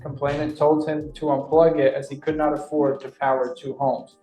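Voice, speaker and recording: A woman's voice: low voice, level tone, normal speed, mellow, roomy sound, faint music behind, rough recording. A woman prosecutor reading a police report aloud in a matter-of-fact way at a courtroom hearing.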